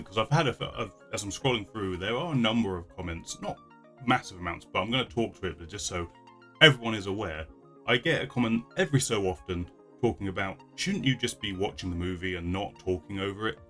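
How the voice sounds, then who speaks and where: A man's voice: low voice, fairly bright tone. A man vlogging casually to his viewers, rambling with frequent restarts and laughs. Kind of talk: casual chat.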